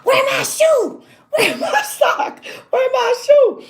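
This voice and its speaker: A flustered young man in a panic, frantic and pleading, as a woman imitates him in a story. The voice is pushed well above her own and sounds rushed and anxious. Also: very high voice, very animated, pitched above the performer's own voice, exaggerated voice.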